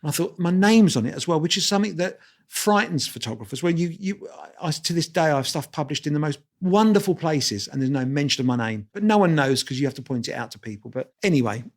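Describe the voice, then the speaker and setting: Animated older storyteller, man. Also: a little high, quick pace. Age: 60s. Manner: animated anecdotes with quoted voices and restarts. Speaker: guest photographer. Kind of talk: storytelling interview.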